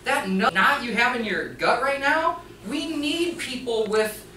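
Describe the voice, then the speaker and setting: A mechanics teacher giving an animated storytelling talk to an audience, acting out the other people in the story. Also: mid-range voice, measured pace, slight background noise. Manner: animated, acts out the dialogue of others. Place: presentation room before an audience. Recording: echoey room, voice from a distance.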